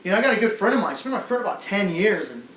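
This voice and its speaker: A man's voice: sits high, very fast, slight background noise. Profane, rambling stand-up comic man. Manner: profane, rambling, animated storytelling. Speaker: stand-up comedian. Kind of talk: stand-up comedy set. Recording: echoey room with faint ambience.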